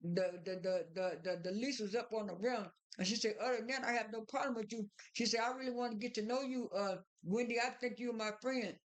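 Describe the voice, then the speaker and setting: A woman's voice: a little high, steady tone, a little fast, hardly any pauses. A woman casually recapping a reality TV episode, rambling through many fillers and restarts as she retells the cast's lines. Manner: retells dialogue in an informal voice.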